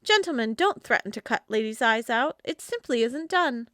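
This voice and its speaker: Give me a woman playing a cool, sharp-tongued young lady with a high, bright voice. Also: expressive, moderate pace, no room sound, studio quality. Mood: teasing. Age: young adult. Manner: arch, mocking, bright. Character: sly, teasing young woman, cool and unafraid.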